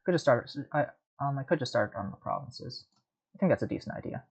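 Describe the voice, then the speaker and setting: A man's voice: mid-range voice, lively intonation, fairly quick, husky, dull audio, faint music behind. Rambling man muttering over a card game. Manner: rambling, self-mocking, muttering to himself. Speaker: game commentator. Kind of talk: casual gameplay commentary.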